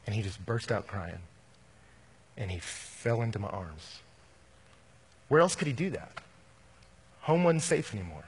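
A man preaching a sermon as a pastor, telling personal stories, swinging from animated to quiet and intimate. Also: lowish voice, a little slow, long pauses, slightly rough.

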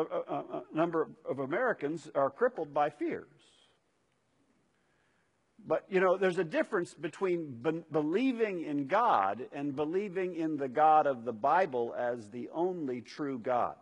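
A man's voice: on the high side, lively intonation, normal speed. A man preaching a sermon as pastor, stressing and repeating key phrases. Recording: reverberant hall.

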